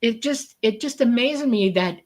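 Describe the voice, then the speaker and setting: A woman in a casual interview, telling a story with lively acted-out dialogue over a remote call. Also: fairly high pitch, normal speed. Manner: lively storyteller who acts out quoted dialogue.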